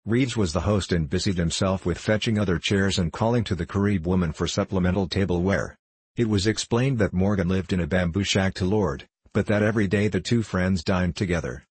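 Male audiobook narrator, deep, husky, dry close sound, measured delivery. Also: a little mellow, dry recording. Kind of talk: scripted narration.

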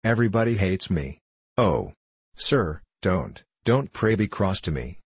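A man's voice: sits low, very animated, measured pace, husky, no echo, exaggerated voice. A man reading aloud, voicing a frightened, lonely little orphan boy who pleads through tears in a storybook. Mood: pleading. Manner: pleading, tearful.

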